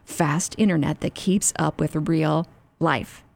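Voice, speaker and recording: A woman's voice: deep voice, fairly even intonation, takes it slowly, creaky. A woman giving a chatty, upbeat scripted radio ad read.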